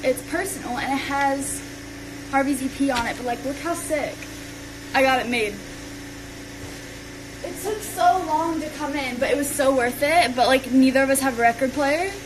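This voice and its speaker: A woman's voice: sits high, background noise. A young woman chatting casually on a phone livestream while she tidies her bedroom, rambling from one thing to the next. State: out of breath. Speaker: social media creator.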